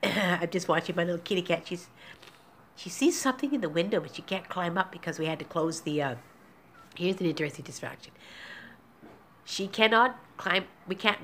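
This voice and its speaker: A woman's voice: on the low side, sharp tone, a little hiss or hum. Candid, tearful woman vlogging at home. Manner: rambling, tearful, candid, with nervous laughs. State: emotional, near tears. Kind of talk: emotional personal vlog. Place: small apartment indoors.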